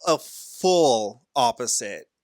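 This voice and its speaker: Very low-voiced joking woman. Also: lively intonation, very slow, darkish tone, no echo, studio quality. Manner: jokey interjections, mock voices, crude quips. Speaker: podcast co-host. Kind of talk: casual book chat.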